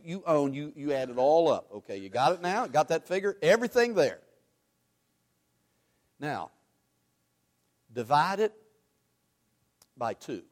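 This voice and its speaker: A man preaching a sermon, animated, swinging from loud emphasis to hushed asides and quizzing the congregation. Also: on the high side. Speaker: pastor.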